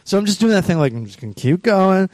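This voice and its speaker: A man's voice: sits high, quick pace, no room sound. A comedian telling casual stories about his gigs, swearing a lot and acting out the voices of people he quotes. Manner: animated, swearing, acts out quotes. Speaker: stand-up comedian on a podcast. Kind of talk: casual chat, storytelling.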